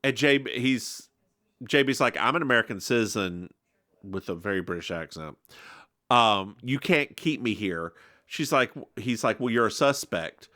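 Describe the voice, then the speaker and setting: A man's voice: mid-range voice, a little slow, dry recording, clean studio sound. A man co-hosting a podcast in a casual chat, retelling an episode with lots of laughs and acted-out quotes. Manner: giggly, animated storyteller, acts out quotes. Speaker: podcast co-host recapping an episode.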